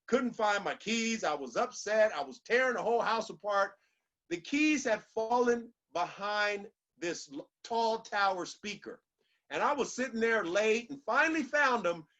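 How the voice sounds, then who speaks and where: A man's voice: high voice, fairly bright tone, poor audio. A man giving a motivational speech in an emphatic, repetitive, preacher-like delivery. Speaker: motivational speaker.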